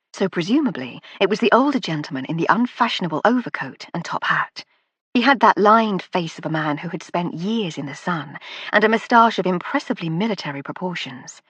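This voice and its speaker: A woman reading a first-person novel aloud with a wry, measured delivery. Her voice sits low and carries a husky, breathy grain. The sound is dry and close, with no room around it. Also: no room sound. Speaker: audiobook narrator.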